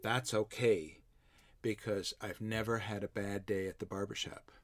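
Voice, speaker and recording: A man's voice: fairly low pitch, level tone, no room sound. Older man, former barber, stop-start reminiscing, dry close sound. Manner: halting, repeats words, warm chuckles. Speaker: former theme park barber. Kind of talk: reminiscing conversation.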